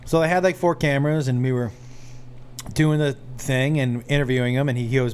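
Man podcast co-host, dry teasing storyteller, mid pitch, faint hiss. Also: fairly even intonation, a little fast, a little mellow. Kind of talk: casual chat, storytelling.

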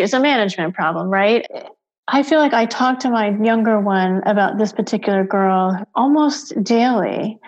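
Candid mom telling a rambling story. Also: female voice, mid-range voice, dull audio. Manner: rambling, acts out quoted dialogue, hesitant restarts. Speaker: interviewee, mother of two.

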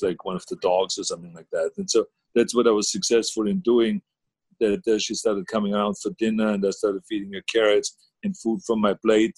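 A man's voice: lowish voice, darkish tone, breathy edge, dry recording. A man, chatting casually as a guest on a video call, rambling with many fillers and restarts. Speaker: guest, former governor.

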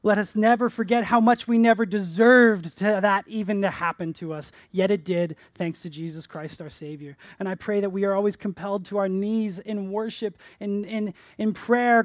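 A male pastor preaching a sermon in church, earnest, rising to emphatic peaks and dropping soft on key phrases. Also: high-pitched, steady tone, moderate pace, hardly any pauses, no echo.

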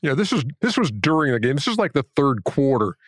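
Easygoing male co-host, mid pitch, dry close mic. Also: very animated, fairly quick, dry recording. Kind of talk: casual chat.

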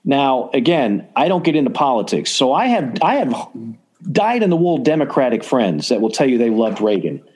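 A male podcast host in casual sports talk. He rambles eagerly through his opinions, circling back and restarting his sentences, at a mid male pitch. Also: big pitch swings, normal speed, a little mellow.

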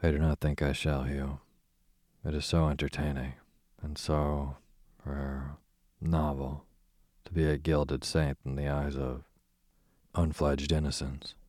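A man's voice: extremely low pitch, flat delivery, slow pace, darkish tone, no echo, full character voice. A man reading the part of a sardonic aristocratic duke in a bedtime audiobook, with a dry, sarcastic drawl.

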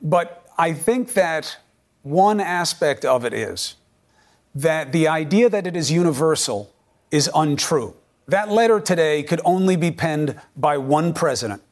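Forceful male news anchor. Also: fairly high pitch. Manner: forceful, argumentative, pressing. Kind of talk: pointed cable news interview.

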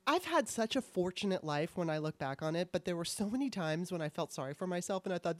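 A woman's voice: on the low side, fast, few pauses, dry recording. A woman hosting a casual chat, talking candidly and in a rambling way, with casual swearing. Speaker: podcast host. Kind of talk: casual conversation.

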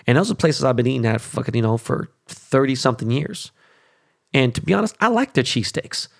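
This Los Angeles podcast host, a man in his forties, speaks fairly quickly in a sing-song, mid-range voice with vocal fry. His rant is blunt and casual, loaded with swearing, and he repeatedly throws in "okay?"

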